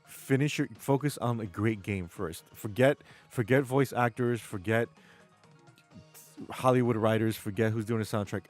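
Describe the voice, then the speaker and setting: A rambling streamer with a New York accent and a low voice, talking to his chat between game rounds. Faint music plays under his casual talk. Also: moderate pace, darkish tone. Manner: chatty, rambling, reads chat aloud. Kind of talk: casual live-stream chat while gaming.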